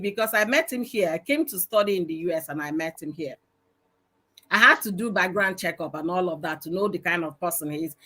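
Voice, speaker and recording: A middle-aged woman with a Nigerian accent, telling stories loudly and with emphasis on a live-streamed panel discussion. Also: mid-range voice. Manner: loud, emphatic, storytelling. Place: live stream video call.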